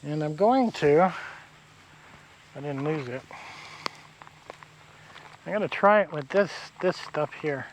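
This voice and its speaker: A man with a somewhat high voice talks to the camera in a relaxed, rambling way while camping in the woods. He speaks outdoors by a river, and faint insect noise and crickets are heard behind him. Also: slow pace, pauses often. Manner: easygoing, rambling, chatty. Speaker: outdoor vlogger. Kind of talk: casual camping vlog talk to camera.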